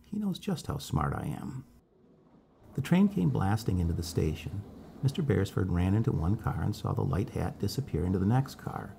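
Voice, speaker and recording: Gravelly, low-voiced male storyteller. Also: mellow, slight background noise. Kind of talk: bedtime story reading.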